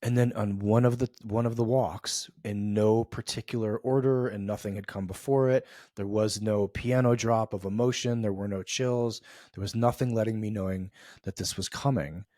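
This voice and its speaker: A man's voice: on the low side, steady tone, normal speed, dark tone, dry recording, clean studio sound. A middle-aged man from the US East Coast hosting a podcast, telling a reflective story in a loose, conversational way with many fillers and restarts. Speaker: podcast host.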